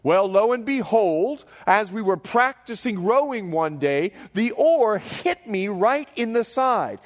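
A man in his forties, a pastor preaching a sermon to a congregation with animated storytelling, acting out the voices he quotes. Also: high voice, slow pace. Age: 40s. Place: church hall before a live congregation.

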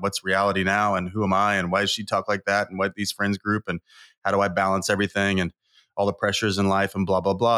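A man's voice: sits low, a bit bright. A man in his forties, a guest coach on an interview show, telling personal stories in an earnest, emotional, rambling way. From Southern California. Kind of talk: candid interview storytelling.

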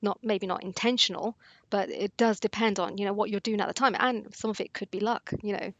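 A woman's voice: medium pitch, fairly even intonation, fairly quick, a bit bright, no room sound. A woman analyst talking through fund picks in a panel discussion, hesitant and full of "you know" fillers.

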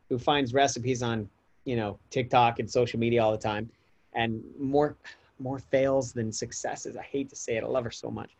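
A man's voice: medium pitch, highs cut off. A man in his thirties co-hosting a podcast, chatty and talking straight to listeners. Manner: chatty, addresses listeners as guys. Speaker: podcast co-host. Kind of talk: casual podcast chat.

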